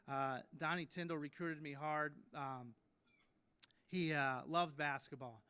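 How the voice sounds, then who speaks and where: At a ceremony hall, a man in his late thirties delivers his induction speech slowly, in a high-leaning, pushed and bright voice that is clear and resonant. His tone stays steady while he tells self-deprecating stories with frequent fillers and restarts.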